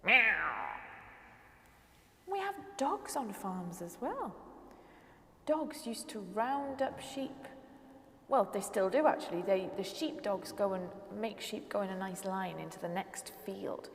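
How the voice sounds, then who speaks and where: A woman's voice: medium pitch, expressive, a little slow, darkish tone, reverberant, big-room sound, a little hiss or hum. A woman leading a toddler music session with nursery rhymes, songs and animal noises, coaxing the group to clap and join in. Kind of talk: sing-song rhymes and songs for small children. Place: church hall.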